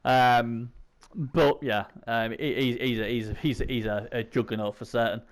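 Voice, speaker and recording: A man's voice: medium pitch, fairly even intonation, moderate pace. A man hosting a casual gaming preview chat, his voice strained by a sore throat, rambling with lots of fillers. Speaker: host.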